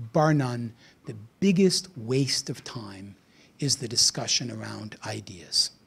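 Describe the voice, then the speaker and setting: Gravelly man giving a blunt lecture. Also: mid-range voice. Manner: blunt, provocative, sardonic lecturing. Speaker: invited speaker. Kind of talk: conference talk.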